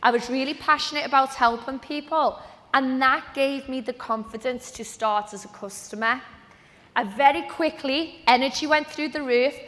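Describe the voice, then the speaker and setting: Bright high-voiced woman telling her story in a hall. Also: normal speed. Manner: chatty storytelling, acting out remembered conversations. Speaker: speaker at a training event. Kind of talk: motivational personal story told to an audience. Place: event venue with a live audience. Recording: echoey large event hall.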